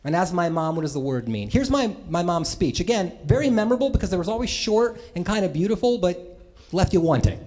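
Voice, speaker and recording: A man's voice: high-pitched, lively intonation, fairly quick, darkish tone. A man from the US Midwest telling comic stories about himself on stage to a live audience, chatty and self-mocking, with asides to the crowd. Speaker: storyteller at a live talk. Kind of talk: comic personal storytelling to an audience.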